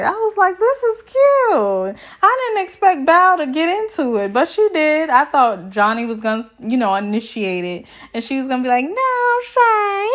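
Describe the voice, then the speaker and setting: A woman's voice: on the high side, a bit bright. Sassy, chatty woman recapping TV. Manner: sassy and chatty, with lots of slang asides. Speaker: TV recap vlogger. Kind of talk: casual show recap.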